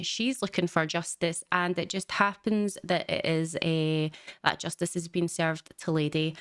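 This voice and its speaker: A woman's voice: fairly low pitch, dry recording, clean studio sound. A young woman, recapping a show in a chatty, rambling way with lots of fillers. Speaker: reaction channel host. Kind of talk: casual reaction recap.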